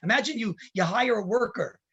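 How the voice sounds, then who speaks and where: A man, a rabbi giving a weekly Torah talk, telling it in an animated way and mixing in Hebrew and Yiddish terms. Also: high-pitched, fairly quick, husky, muffled recording.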